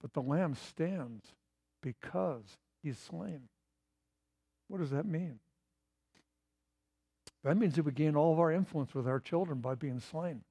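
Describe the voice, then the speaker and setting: A man's voice: fairly high pitch, takes it slowly, pauses often, mellow, breathy edge. A middle-aged man preaching a sermon in an earnest, emphatic way, driving points home through repetition. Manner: earnest, emphatic, repeats key phrases.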